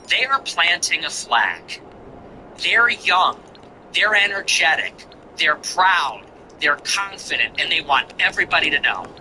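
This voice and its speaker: Guy ranting on his show, high bright voice, slow and heavy, sneering lists. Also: slight background noise, low-quality recording. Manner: contemptuous ranting, repetitive emphatic lists. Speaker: show host. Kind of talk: political commentary monologue.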